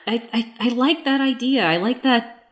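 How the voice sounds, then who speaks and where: A woman's voice: on the high side, normal speed. Woman thinking aloud while drawing. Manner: thinks aloud, stammers and laughs. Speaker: show artist drawing on camera. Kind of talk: casual chat while drawing.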